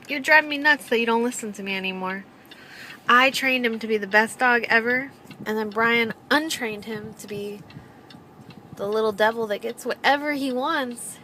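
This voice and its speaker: A woman's voice: fairly high pitch, moderate pace, bright, forceful tone, poor audio. A young woman with a stuffy nose, chatting casually in a daily vlog and baby-talking to her dog while she drives. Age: young adult. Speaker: vlogger. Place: in a car while driving. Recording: car noise in the background.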